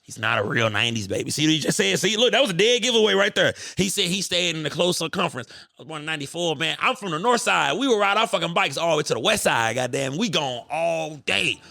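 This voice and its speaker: A man in his thirties hosting a podcast, telling stories in an animated, profane, bantering way. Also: fairly high pitch, fast, gravelly, no echo, studio quality. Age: 30s. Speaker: podcast host. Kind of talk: casual podcast chat.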